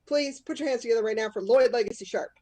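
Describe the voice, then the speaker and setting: A woman's voice: on the high side, fast, background noise. Casual, rambling woman comic hosting. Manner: casual, rambling and self-mocking. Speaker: comic and host. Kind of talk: comedic live storytelling.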